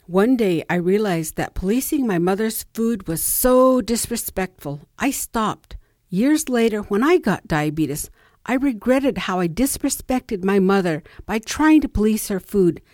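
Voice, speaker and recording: A woman's voice: medium pitch, lively intonation, a little slow, darkish tone, no room sound, studio quality. A middle-aged woman reads a personal story aloud in a reflective way and acts out the people she quotes. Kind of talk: personal essay reading.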